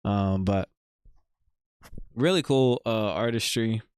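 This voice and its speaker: Casual male stream host, smooth voice, dry close mic, loose and chatty. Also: fairly low pitch, slow pace, no room sound. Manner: relaxed, rambling with many fillers. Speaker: livestream host. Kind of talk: casual livestream chat showcasing viewer art.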